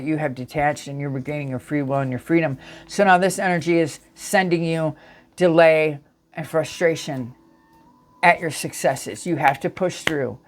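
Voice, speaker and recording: Earnest woman giving a tarot reading. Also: low-pitched. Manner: earnest, emphatic, with frequent restarts and self-corrections. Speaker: tarot reader. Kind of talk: casual spiritual tarot reading to viewers.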